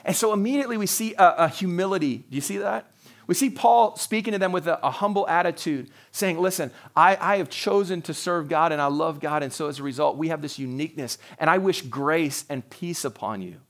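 High-voiced man preaching a sermon. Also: quick pace. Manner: earnest, quotes scripture in character, chuckles often.

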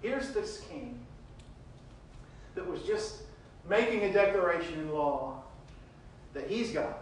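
Guy giving a sermon, kinda high voice, super echoey room far from the mic. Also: animated, takes it slowly, a little hiss or hum. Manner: reads scripture aloud and retells it with swings in loudness. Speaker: preacher.

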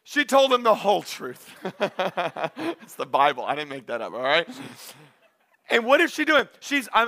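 Male pastor, sermon delivery, high-pitched and bright, lively with comic asides. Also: moderate pace. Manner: animated preaching with acted-out asides and humor.

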